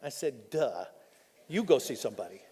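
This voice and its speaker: Tender-voiced pastor preaching in an echoing hall. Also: male voice, mid-range voice, very animated, normal speed, slight background noise. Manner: candid storytelling, often choked up and soft when emotional. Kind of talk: sermon. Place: church auditorium. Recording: live in a reverberant church hall.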